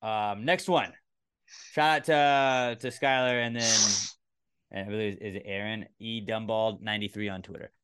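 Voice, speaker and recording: A man's voice: fairly low pitch, steady tone, normal speed, a bit bright, a little hiss or hum. A man hosting a casual comedy podcast, talking in a loose, rambling way and swearing now and then. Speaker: podcast host.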